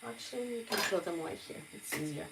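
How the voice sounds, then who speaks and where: A woman's voice: medium pitch, lively intonation, fast, creaky, heavy background noise. A woman with a Portuguese accent, chatting casually to viewers as she demonstrates a recipe in her kitchen. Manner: chatty, warm asides to viewers, frequent "okay?" check-ins. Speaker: cooking vlogger. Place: home kitchen.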